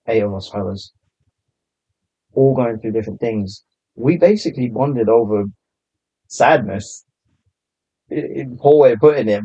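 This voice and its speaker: A man talks in an easy, unhurried way, his low and mellow voice giving the chat a relaxed feel. The recording is dry and a little muffled. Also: no echo. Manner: laid back, low-key. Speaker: podcast guest, content creator. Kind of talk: casual podcast chat. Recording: slightly muffled lo-fi sound.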